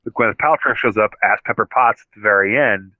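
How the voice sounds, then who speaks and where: Guy on a podcast rattling through movie scenes, fast and crisp, lots of you-knows, dry sound. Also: on the low side, no room sound, phone-quality sound. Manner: animated retelling of scenes, many "you know" fillers. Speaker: podcast co-host. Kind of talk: casual movie chat.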